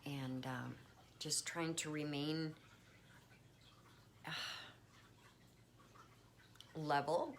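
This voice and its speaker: Casual home vlogger, woman, deep and a bit creaky, faint room hiss. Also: steady tone, very slow, long pauses. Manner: chatty, warm toward her pets, frequent fillers. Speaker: spiritual vlogger. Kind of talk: casual check-in chat. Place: at home with pets.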